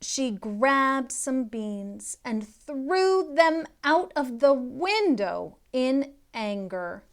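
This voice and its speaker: A woman reading a children's storybook aloud in a very slow, lively voice that swings up and down. She leans on words for effect and slips into soft whispered asides, speaking like a tutor guiding young readers. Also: high-pitched. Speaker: literacy tutor.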